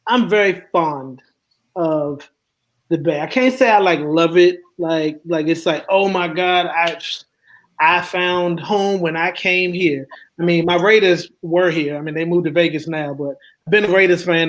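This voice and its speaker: A man's voice: a little high, poor audio. A laid-back man from the US East Coast, chatting casually as a roundtable guest in a slangy, rambling way. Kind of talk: casual chat.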